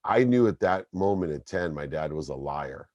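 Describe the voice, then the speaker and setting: A middle-aged man, a guest on a podcast, telling personal stories in an emphatic, animated way. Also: very deep voice, normal speed, dry recording, dull audio. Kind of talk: storytelling interview.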